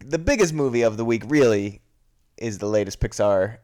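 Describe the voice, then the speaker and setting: A man's voice: mid-range voice, expressive, moderate pace, darkish tone. A man co-hosting a podcast, steering the talk in a casual, dry way. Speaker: podcast co-host. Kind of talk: casual chat.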